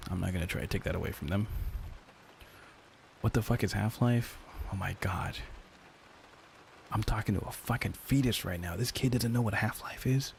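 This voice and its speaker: A man's voice: lowish voice, normal speed, vocal fry, long pauses, a little hiss or hum. A male streamer in casual chat with viewers, ranting and joking in a profane, mock-grumpy way.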